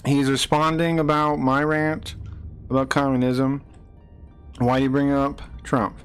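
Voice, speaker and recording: A man's voice: mid-range voice, flat delivery, unhurried, clear, resonant tone, faint music behind. A man streaming live, ranting angrily at people in his chat, swearing and repeating himself. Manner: angry, profane, repeats himself, rising to shouts.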